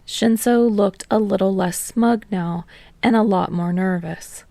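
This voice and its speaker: Woman narrating with a gravelly tone. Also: mid-range voice, unhurried, mellow, no room sound. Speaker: podfic reader. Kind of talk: fan audiobook narration.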